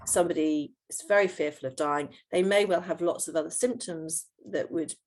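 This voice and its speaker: A woman's voice: low voice, normal speed, darkish tone. A middle-aged woman, a homeopath, explaining her work patiently in an interview, with many fillers and restarts.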